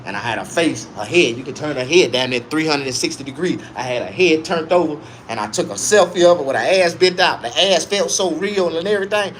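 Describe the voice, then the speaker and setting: A male comedian telling a raunchy, profane story, swinging between low muttering and loud, high yelps. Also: animated, brisk, hardly any pauses, slight background noise.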